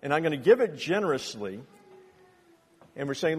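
A middle-aged man preaching a sermon as pastor, telling personal stories earnestly and rising to loud impassioned bursts. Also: fairly high pitch, big pitch swings, normal speed, husky. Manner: earnest storytelling, builds to loud impassioned outbursts. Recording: long reverb of a large hall.

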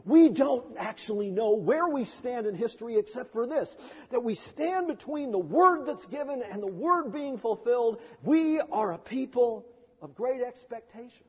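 A man preaching a sermon in a church, his voice pitched high with a husky edge. He swings between hushed and loud passages and acts out the voices of people he quotes. The sound carries a long reverb from the hall. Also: expressive, moderate pace. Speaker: pastor.

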